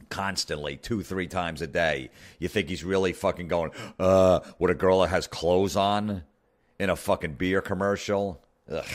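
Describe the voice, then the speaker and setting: A very low-pitched middle-aged man rants on his podcast, sarcastic and full of curses. He keeps slipping into mocking little impressions as he complains. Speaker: podcast host. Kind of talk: comedic rant.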